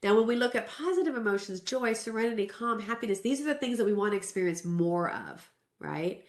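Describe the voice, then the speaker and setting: A woman's voice: mid-range voice, animated, a little fast. A woman in her forties from Southern California, giving a self-care talk in a candid, earnest, conversational way, sharing a personal story with restarts. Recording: roomy echo.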